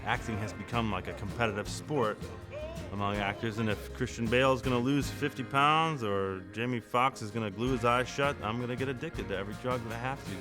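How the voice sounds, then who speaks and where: A man, an actor, talking in a deadpan mock interview with earnest, straight-faced boasting. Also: mid-range voice, brisk. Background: music.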